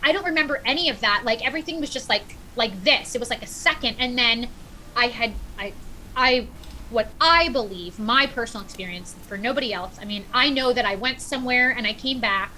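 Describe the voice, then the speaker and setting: A middle-aged woman on a podcast, telling a personal story in animated, casual chat and acting out what people said. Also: fairly high pitch, brisk, slight background noise, poor audio. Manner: animated storyteller, acts out quotes. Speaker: podcast guest.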